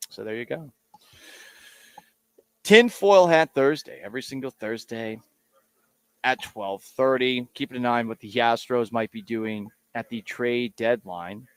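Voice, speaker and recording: A man's voice: mid-range voice, a little slow, smooth, no echo. Sarcastic rambling male radio host. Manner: sarcastic, rambling, self-mocking. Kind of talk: casual radio talk.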